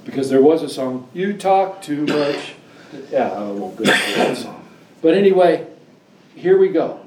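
A man preaching a sermon, telling stories and reading scripture with animated, emphatic delivery. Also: a little slow, a little hiss or hum. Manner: animated storyteller, rising to high emphatic pitch on scripture. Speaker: pastor. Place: church. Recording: echoey room, distant mic, faint ambience.

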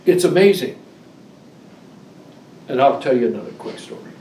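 A man preaching a sermon, telling stories and reading scripture with animated, emphatic delivery. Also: moderate pace, a little hiss or hum. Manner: animated storyteller, rising to high emphatic pitch on scripture. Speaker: pastor. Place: church. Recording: echoey room, distant mic, faint ambience.

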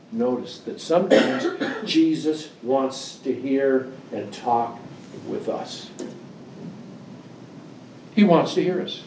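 A man preaching a sermon, telling stories and reading scripture with animated, emphatic delivery. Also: a little hiss or hum. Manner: animated storyteller, rising to high emphatic pitch on scripture. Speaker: pastor. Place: church. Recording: echoey room, distant mic, faint ambience.

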